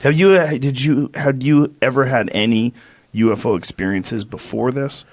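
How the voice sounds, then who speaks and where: A man hosting a podcast interview, relaxed and asking short, direct questions. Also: medium pitch, normal speed, no echo. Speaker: podcast host. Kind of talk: casual interview. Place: podcast studio.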